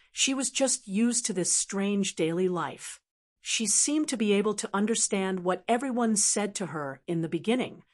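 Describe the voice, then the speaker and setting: Woman, audiobook narrator, steady even reading, mid pitch.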